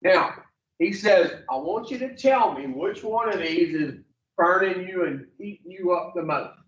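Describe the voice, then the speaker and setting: A man's voice: high-pitched, animated, unhurried, a bit bright. A man teaching a recovery class, telling a story in a blunt, profane, plainspoken way. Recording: roomy, distant, dull classroom audio.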